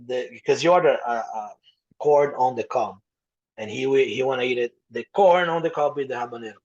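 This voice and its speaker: A man's voice: medium pitch, normal speed, a little mellow, lo-fi sound. A young adult man with a Brazilian accent, a native Portuguese speaker, telling stories as a podcast guest, acting out quoted voices and swearing freely. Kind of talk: casual storytelling.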